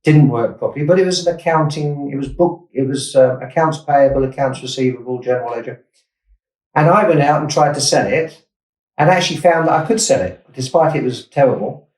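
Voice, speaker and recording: A man in his sixties from Essex, England, an investor and startup founder, reminisces about his working life as an interview guest, his mid-range voice a little fast and mellow. He rambles, corrects himself mid-phrase and drifts into asides. Sitting back from the mic, he sounds distant in a room with noticeable echo.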